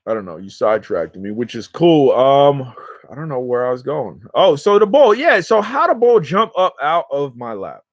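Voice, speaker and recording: Male home vlogger with a New York accent, loose rambling slang, mid-pitched voice, dry close sound. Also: very animated, moderate pace, dry recording. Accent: New York/New Jersey. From New York or New Jersey area. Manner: rambling, slangy, easily sidetracked. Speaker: smoking vlogger and livestream host. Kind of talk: casual livestream chat to viewers. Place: at home in a recliner.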